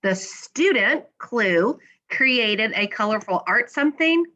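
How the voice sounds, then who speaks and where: A woman teacher walks her class through a slideshow lesson. She asks questions and then patiently answers them herself, in a bright, ringing voice. The recording sounds slightly muffled and dull. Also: on the high side, expressive, takes it slowly.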